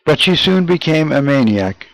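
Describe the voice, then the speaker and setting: A man reading an old first-person memoir aloud in a measured, solemn way. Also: on the high side, big pitch swings, vocal fry, fairly bright tone, dry recording, poor audio. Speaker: reader. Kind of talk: audiobook narration.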